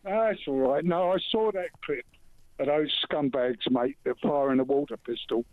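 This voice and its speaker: Blunt male phone-in caller, fairly high voice, dry tinny phone line. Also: normal speed, dry recording. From England. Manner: blunt, keeps saying mate. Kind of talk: phone-in call.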